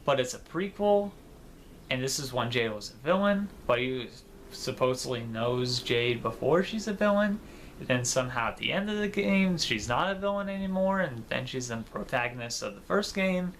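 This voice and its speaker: A man's voice: medium pitch, animated, moderate pace, a bit bright, a little hiss or hum. A man giving casual commentary in a gaming vlog, rambling and informal with fillers and some swearing. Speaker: gaming video creator.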